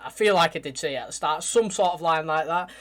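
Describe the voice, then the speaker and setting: A man from England, chatting casually and excitedly as he reacts to a TV episode. He talks in lively slang and swears freely. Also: on the high side, fast. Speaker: TV reaction youtuber.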